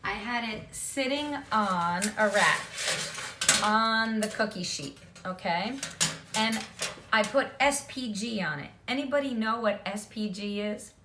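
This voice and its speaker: A woman's voice: medium pitch, unhurried, echoey room, noisy background. A woman giving a casual cooking demonstration in her home kitchen, chatty and often checking in with "okay?". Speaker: home cook.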